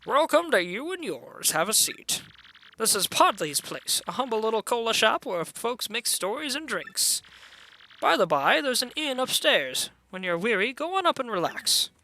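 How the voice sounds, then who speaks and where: A man's voice: very high voice, sing-song, moderate pace, bright, forceful tone, slight background noise, pitched above the performer's own voice, full character voice, rough recording. A man voicing a genial male bartender in a game, easygoing and folksy.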